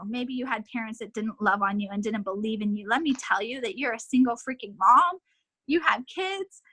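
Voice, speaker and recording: A woman's voice: on the high side, moderate pace, bright, forceful tone, no echo, poor audio. A woman team leader giving an emotional, impassioned motivational pep talk over a video call, repeating her points for emphasis. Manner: emotional, impassioned, repetitive exhortations.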